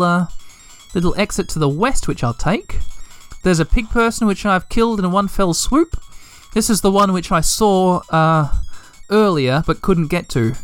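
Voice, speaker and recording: A gaming podcast host giving playful, animated let's play commentary, full of sound effects. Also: mid-range voice.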